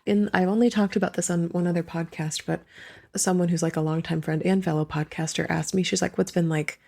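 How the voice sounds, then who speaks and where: A woman author speaking as a podcast guest in a casual, reflective conversation, earnest and quick to laugh. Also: lowish voice, fairly even intonation, creaky, darkish tone.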